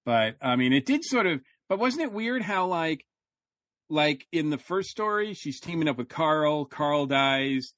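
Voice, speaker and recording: A man co-hosting a podcast speaks a little slowly in a somewhat high, fairly bright voice with lively intonation. His casual review chat wanders, full of fillers and restarts, and the recording is dry.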